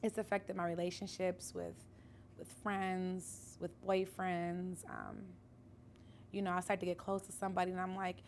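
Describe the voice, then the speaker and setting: A woman's voice: on the low side, big pitch swings, normal speed. A woman speaking frankly and matter-of-factly about her own life. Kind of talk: candid personal storytelling. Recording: faint room noise behind.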